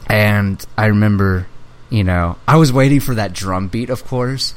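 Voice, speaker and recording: Excitable young man geeking out, swearing. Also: fairly low pitch, a little slow. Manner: excitable fan, swears freely, acts out movie lines. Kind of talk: casual chat.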